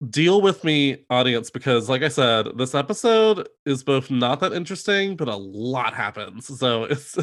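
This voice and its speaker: A man co-hosting a podcast in casual chat, talking in chatty bursts full of fillers and quick asides. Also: mid-range voice, very animated, fairly bright tone. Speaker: podcast co-host.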